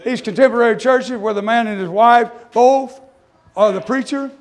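A man preaching his testimony in a fervent sermon cadence, full of "uh" and "amen", moving between hushed confession and shouting. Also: extremely high pitch, moderate pace.

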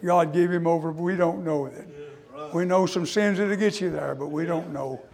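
A man preaching his testimony in a fervent sermon cadence, full of "uh" and "amen", moving between hushed confession and shouting. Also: a little high, fairly even intonation, moderate pace, creaky.

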